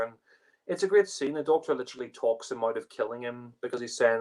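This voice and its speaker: On a low-quality recording, a man with a medium-pitched, somewhat dark voice speaks fairly quickly. He's a podcast panelist giving a casual spoken review of a TV story, rambling with plenty of fillers and restarts.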